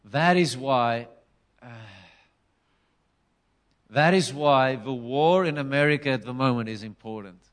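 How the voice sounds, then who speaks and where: A middle-aged man preaching a sermon, telling a story with passion and breaking into loud, emphatic declarations. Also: mid-range voice, a little slow, long pauses.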